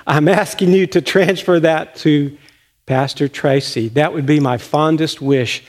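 A man's voice: fairly high pitch, a little mellow. An older man, a retiring pastor preaching a folksy, storytelling sermon in a church sanctuary.

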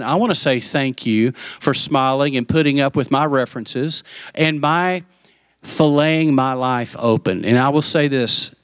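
A man's voice: medium pitch, no echo. Pastor, middle-aged man, candid storytelling sermon, dry close sound. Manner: candid storytelling, acts out quoted voices.

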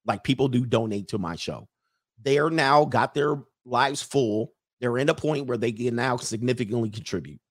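A man's voice: medium pitch, moderate pace. A man hosting a livestream show, giving a mocking, profane monologue full of repeated rhetorical questions.

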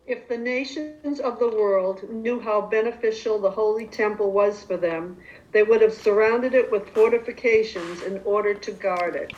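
A woman's voice: mid-range voice, normal speed, a little mellow. Woman reading aloud, dull lo-fi sound. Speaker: student in the class.

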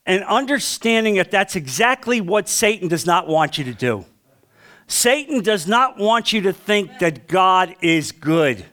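A male pastor preaching a sermon with passion, asking the congregation questions and swinging from loud to hushed. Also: high voice, big pitch swings, unhurried.

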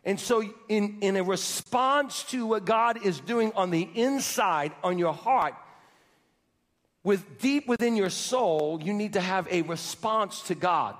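A man's voice: sits high, slow, fairly bright tone. A man preaching a sermon as pastor, repeating phrases and calling on the congregation to answer back. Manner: preachy call-and-response, repeating phrases for emphasis. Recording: church hall reverb.

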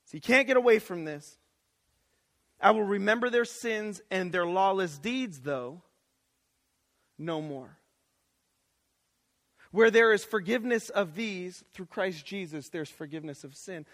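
A man in his thirties preaching a lively chapel sermon, talking casually and swinging from hushed asides to sudden shouts. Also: high voice, measured pace, long pauses. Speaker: chapel speaker. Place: college chapel. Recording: long reverb of a chapel hall.

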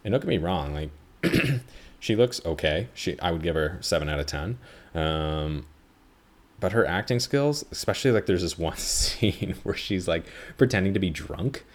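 Very deep-voiced rambling man. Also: expressive, moderate pace. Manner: rambling, chatty, self-correcting, swears freely. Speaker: podcast host. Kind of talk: casual movie review chat.

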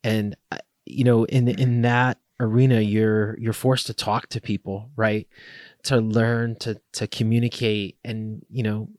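A man's voice: fairly low pitch, little pitch movement, a little slow, darkish tone, no room sound, clean studio sound. A man hosting a podcast interview, asking long rambling questions with many fillers. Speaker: podcast host. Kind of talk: interview conversation.

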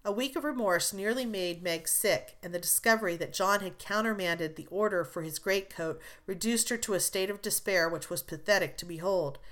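Female audiobook narrator; measured, expressive reading of a classic novel. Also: mid-range voice.

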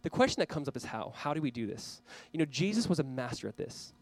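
A man's voice: medium pitch, big pitch swings, fast talker, poor audio. A man preaching a sermon as pastor, earnestly urging his listeners. He speaks straight to a camera for viewers watching online.

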